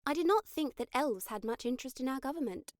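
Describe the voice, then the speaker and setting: A woman's voice: sits high, expressive, fast, no echo, studio quality. Woman reading a wry mage. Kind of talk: audiobook dialogue reading.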